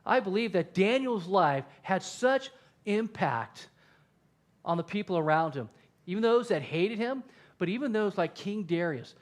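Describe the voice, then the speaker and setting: A male pastor preaching a sermon, telling the story with animation and acting out the quotes. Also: high voice.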